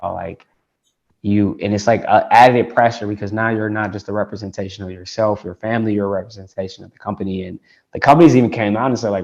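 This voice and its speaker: A man's voice: on the low side, fairly even intonation, a little fast, darkish tone. A man from Detroit, a tech founder being interviewed, talking casually and rambling with lots of "like" and restarts. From Detroit, United States. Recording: dull lo-fi call audio.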